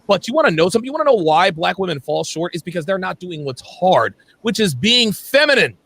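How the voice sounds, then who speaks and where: A man's voice: sits high, very animated, brisk, vocal fry, a bit bright. A man hosting a livestream panel, blunt and emphatic, calling on panelists by name. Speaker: livestream host.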